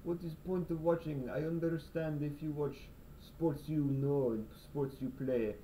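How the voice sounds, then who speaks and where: A man voicing a blunt young woman hairdresser with a put-on Russian accent, speaking in a clipped, flat, lecturing way. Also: fairly high pitch, measured pace, pitched above the performer's own voice, close to an everyday voice. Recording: slightly distant camera mic, faint room noise.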